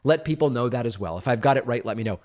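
A middle-aged man born in Argentina hosts a political talk show, reading listener letters aloud and answering them at length. His delivery is conversational and emphatic, with a playful defensiveness when he is criticized. His voice sits at an ordinary mid pitch. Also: expressive, fast, darkish tone.

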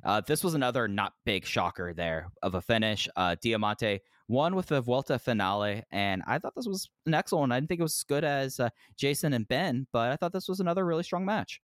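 A man's voice: mid-range voice, animated, a little fast, hardly any pauses, no room sound, clean studio sound. A man co-hosting a podcast, speaking energetically with many fillers. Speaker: podcast co-host. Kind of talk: casual chat, wrestling review.

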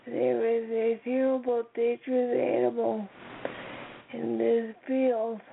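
A woman's voice: a little high, level tone, slow pace, creaky. A woman doing an anxious frightened man. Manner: anxious explaining. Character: frightened grown man in a field. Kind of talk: storybook reading. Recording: noisy phone-like line.

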